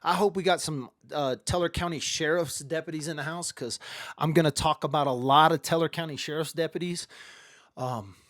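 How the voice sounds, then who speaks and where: A man's voice: a little high, brisk, a bit bright, dry recording, studio quality. A man hosting a casual livestream, talking straight to his camera in a chatty, rambling storytelling way. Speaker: livestream host. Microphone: webcam or phone camera at close range.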